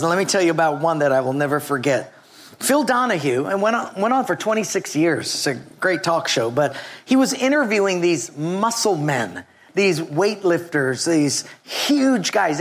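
Lively preacher telling stories in a sermon, gets the crowd to answer back. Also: mid-range voice. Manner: storytelling, animated, calls on the congregation.

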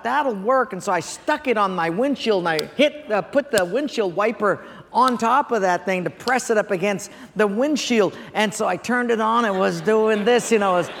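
A pastor preaching a sermon, telling stories with animation and asking the congregation questions. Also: male voice, high voice, a little hiss or hum. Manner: animated storytelling, audience questions. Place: church sanctuary. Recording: long church reverb.

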